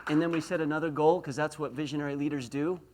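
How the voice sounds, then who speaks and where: A man in his forties giving a university lecture, telling a story with animated delivery and loud emphatic peaks. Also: a little high, quick pace, heavy background noise. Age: 40s. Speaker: motivational speaker. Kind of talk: lecture to an audience.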